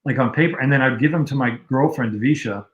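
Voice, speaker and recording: A man at an average pitch tells old stories at an easy, rambling pace, full of fillers. His voice carries a roomy echo. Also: fast talker, muffled recording. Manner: relaxed, rambling anecdotes with fillers. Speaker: guest, music video director. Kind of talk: casual storytelling on a livestream.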